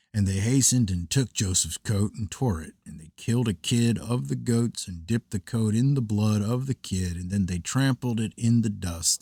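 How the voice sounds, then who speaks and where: A man narrating an old scripture text in a steady, measured storytelling cadence, recorded on a close mic. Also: on the low side, breathy edge, no room sound.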